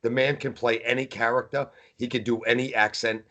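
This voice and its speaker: A man with a New England accent talks animatedly in a casual podcast chat. His voice is mid-pitched, and he leans hard on his opinions. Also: brisk. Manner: emphatic, animated. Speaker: podcast co-host.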